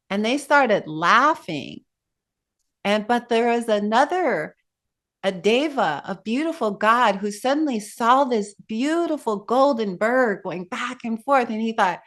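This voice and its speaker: A woman meditation teacher telling a Buddhist tale in a dharma talk, in an animated way with asides to her listeners. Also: medium pitch, a little slow.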